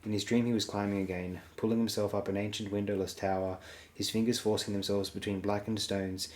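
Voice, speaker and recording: A man reading an audiobook aloud in a steady, measured way, voicing all the figures himself. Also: fairly low pitch. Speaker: audiobook narrator.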